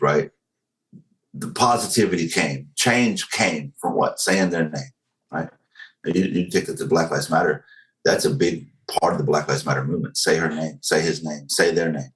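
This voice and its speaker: A man's voice: a bass voice, fairly bright tone, low-quality recording. A man from the American South, a podcast guest talking bluntly and emphatically, leaning on analogies. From Southern United States. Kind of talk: casual conversation.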